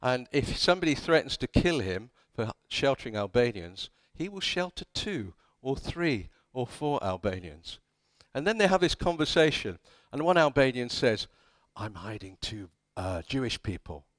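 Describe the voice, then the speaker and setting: A man's voice: mid-range voice, sing-song, moderate pace, few pauses, no echo. A man giving a conference talk, telling history as wry anecdotes and acting out the quoted dialogue. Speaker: conference speaker. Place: conference hall.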